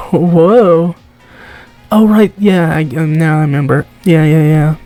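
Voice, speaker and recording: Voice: medium pitch, fairly even intonation, unhurried, warm tone, soft background music. A streamer reading a text game aloud, giggling often, stumbling over words and asking confused asides.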